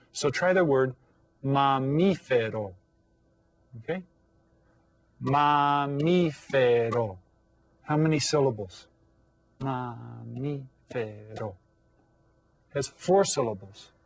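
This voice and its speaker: A male elementary Spanish teacher giving a video lesson to children. He repeats each word slowly, checks that they follow along, and calls out lively classroom commands. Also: medium pitch, slightly rough, no room sound. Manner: patient, repeats words slowly and checks understanding.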